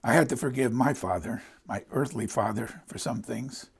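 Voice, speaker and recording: Gravelly, husky-voiced male preacher. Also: medium pitch, normal speed. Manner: earnest, emphatic preaching. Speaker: pastor. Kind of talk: sermon.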